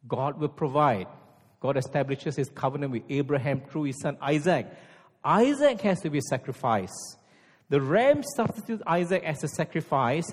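A man preaching a sermon, emphatic and full of rhetorical questions, at times dropping to a hushed intensity. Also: fairly high pitch, slightly rough. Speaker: pastor. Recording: long hall reverb.

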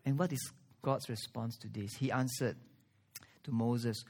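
A male pastor delivers a sermon at a middle pitch. He preaches earnestly, pausing often and pushing his voice up to stress key words. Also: steady tone, a little mellow. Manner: earnest preaching with strong pauses and rising emphasis.

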